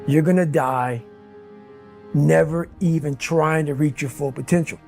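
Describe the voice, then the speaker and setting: Intense high-voiced man over music. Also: fairly even intonation, a little slow, vocal fry, a little mellow. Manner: intense, emphatic, blunt. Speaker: motivational speaker. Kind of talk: motivational speech compilation.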